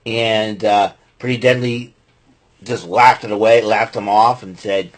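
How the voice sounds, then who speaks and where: A man's voice: on the low side, steady tone, unhurried. A man hosting a podcast, giving a rambling casual recap with lots of fillers and restarts and blunt opinions. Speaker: podcast host recapping wrestling.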